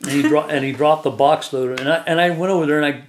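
A man's voice: fairly high pitch, steady tone, fast, a little hiss or hum. Man, guest storyteller, rambling, laughs often, echoey room. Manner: chuckles often while telling stories. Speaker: guest telling his life story.

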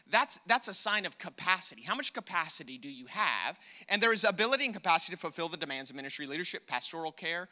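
An American man preaching a sermon, emphatic and repetitive, calling on the congregation to respond. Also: high voice. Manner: emphatic preaching, rising loud on key points, repeats words. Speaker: pastor.

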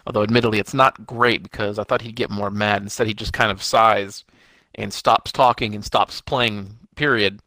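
A man's voice: lowish voice, steady tone, normal speed, bright, forceful tone, no echo. A young man co-hosting a podcast from home, rambling and swearing in casual chat. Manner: swearing, laid-back rambling. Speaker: podcast co-host.

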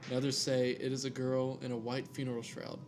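Here a man with a mid-range voice reads a scary story a little fast, his delivery completely flat. Though casual, the reading is peppered with jokey asides and tripped-over names, backed by faint music.

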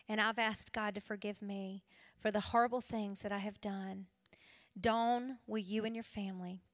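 A middle-aged woman gives an emotional testimony sermon in a high, bright voice. She tells her story with rising intensity and falls back to hushed whispers at tender moments. The sound is close and dry, with no room echo. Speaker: speaker at a women's gathering.

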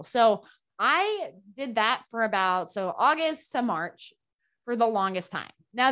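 A woman guest telling a personal story in casual talk, animated and full of "like" fillers, acting out the voices of people she quotes. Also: mid-range voice. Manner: chatty, frequent "like" fillers. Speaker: podcast guest.

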